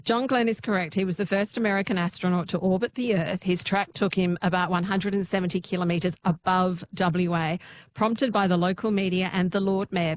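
A woman's voice: on the low side, slight background noise. Woman hosting a radio quiz. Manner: friendly, laughs easily, reads questions slowly. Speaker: radio host.

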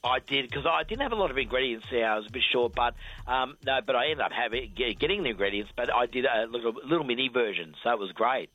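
A man's voice: mid-range voice, fast, dry recording, muffled recording. A man with an Australian accent reading a radio traffic report, then chatting casually with the host. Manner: steady rundown with hesitant fillers.

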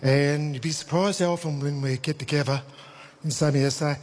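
A man, a radio listener at a live event, speaking emotionally and haltingly. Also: fairly high pitch, steady tone. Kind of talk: casual chat.

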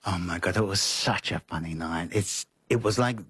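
Husky man telling stories. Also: deep voice, moderate pace. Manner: animated, acts out quotes with laughs. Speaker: interview guest, costume designer. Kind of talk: conversational storytelling.

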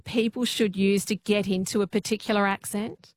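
A woman hosting a radio interview, lively and conversational as she introduces clips and asks questions. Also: medium pitch, normal speed, slight background noise. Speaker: radio host.

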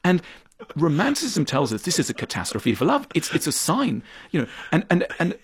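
A man being interviewed as an author, explaining his ideas in conversation, animated and thoughtful, acting out little scenes as he goes. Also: fairly quick, husky, no echo. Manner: animated, acts out quoted voices with big pitch jumps; thoughtful, explanatory, repeats words when starting a point.

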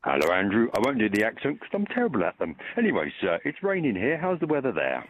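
A polite man from Yorkshire calls into a radio show and chats warmly with the host. His pitch moves around a lot. He comes through a tinny phone line with faint hiss behind him. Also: wildly swooping pitch, fast talker. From Yorkshire, England. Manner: chatty, polite, says "sir". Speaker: caller. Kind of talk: phone-in call.

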